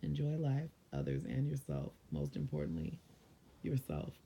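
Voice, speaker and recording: A man's voice: a little high, very animated, moderate pace, creaky, warm tone, a little hiss or hum. A man from San Diego giving casual motivational advice to viewers in a loose, conversational way. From San Diego, California. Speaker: mindfulness vlogger.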